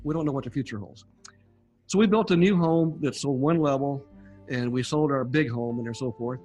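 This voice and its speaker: A man's voice: mid-range voice, moderate pace, a little mellow, slightly rough, faint music behind. An older man telling his story in a casual interview, folksy and chuckling as he goes. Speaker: guest sharing near-death testimony.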